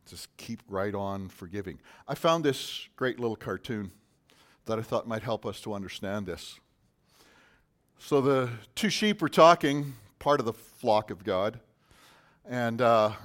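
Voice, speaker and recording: A man preaching a sermon in a conversational way, with sudden loud emphasis on key words. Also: medium pitch, expressive, measured pace. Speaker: pastor.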